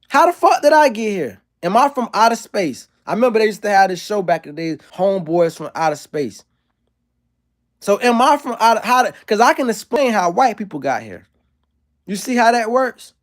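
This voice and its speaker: A man streaming live, delivering a provocative, profane and emphatic monologue to his chat. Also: fairly high pitch.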